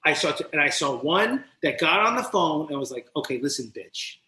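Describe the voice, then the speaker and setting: Animated, profane man telling his story. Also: on the high side, brisk. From New Jersey. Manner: animated, profane, acts out quoted voices. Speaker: podcast guest, recovery mentor. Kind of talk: personal storytelling in an interview. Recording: roomy echo.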